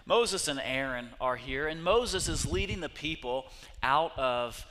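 A man preaching a sermon, telling scripture stories with lively acted-out voices. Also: a little high, a little slow, long reverb tail, slight background noise. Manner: animated storytelling, acting out voices of God and people. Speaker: pastor. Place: church sanctuary.

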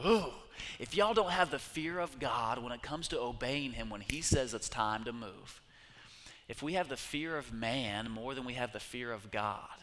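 A man preaching a sermon, telling scripture stories with lively acted-out voices. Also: medium pitch, normal speed, in a large hall. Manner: animated storytelling, acting out voices of God and people. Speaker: pastor. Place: church sanctuary.

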